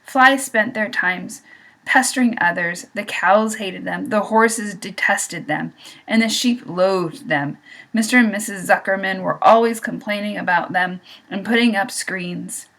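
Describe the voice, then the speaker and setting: A woman reading a children's book aloud in a lively, expressive way. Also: mid-range voice, a little slow, gravelly, poor audio. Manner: expressive, lively voices for characters. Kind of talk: storybook read-aloud.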